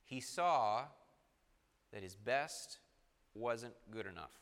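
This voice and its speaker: A man preaching a sermon, reading scripture aloud and swinging between loud emphasis and quiet, soft passages. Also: mid-range voice, lively intonation, slow, vocal fry, big-room sound.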